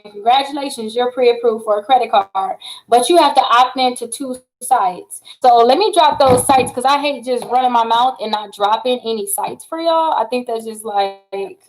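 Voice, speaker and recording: Fast-talking woman hosting a livestream. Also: on the high side, rough recording. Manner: fast-talking, chatty, addresses viewers as y'all. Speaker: credit repair livestream host. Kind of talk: casual livestream talk. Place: home setup with multiple screens.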